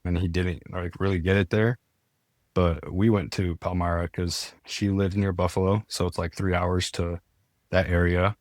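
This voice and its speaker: A man's voice: low voice, flat delivery, moderate pace, a little mellow, no room sound, studio quality. A young man, a podcast guest, telling his story in a casual, earnest way, full of "like" and restarts. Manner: earnest, many "like" fillers and restarts.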